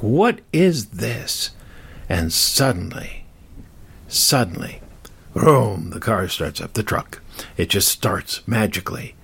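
An older male host tells a story in a slow, rambling, self-deprecating way. His husky voice rises and falls a lot. He sounds chatty and unhurried. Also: on the low side. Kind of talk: casual storytelling.

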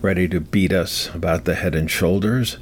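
A man's voice: deep voice, moderate pace, a little hiss or hum. A man chatting casually to his viewers as a vlogger, self-mocking and rambling, chuckling often. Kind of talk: casual chat to camera.

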